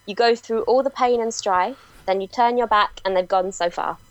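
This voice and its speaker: A woman's voice: mid-range voice, moderate pace, no room sound, lo-fi sound. A woman hosting a quiz on a podcast, reading song lyrics aloud with laughing asides. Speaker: guest quiz host.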